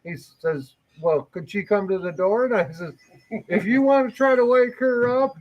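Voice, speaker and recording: High-voiced storytelling man, lo-fi stream. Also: moderate pace. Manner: rambling, laughs through anecdotes, crude humor. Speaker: morning show co-host. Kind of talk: casual storytelling chat. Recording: dull lo-fi live stream audio.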